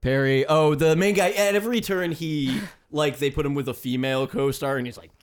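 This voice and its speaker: A man's voice: on the high side, a little fast. Young man, podcast co-host, rambling jokey chat, mock-posh asides. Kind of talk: casual comedic chat.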